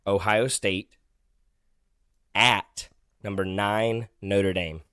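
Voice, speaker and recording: A man hosting a casual podcast chat, talking in a patient, gently teasing way as he explains things step by step. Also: on the low side, fairly even intonation, drawn-out words, clean tone, no room sound, studio quality. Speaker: podcast host.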